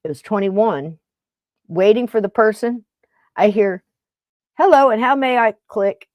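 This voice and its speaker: A woman's voice: medium pitch, lively intonation, unhurried, darkish tone, no echo. A woman podcast host telling a funny story in casual chat, acting out both sides of a phone call with jokes.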